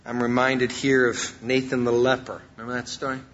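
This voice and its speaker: A man's voice: medium pitch, little pitch movement, fairly quick, fairly bright tone, lo-fi sound. A male pastor preaching a sermon, emphatic and repeating his key phrases.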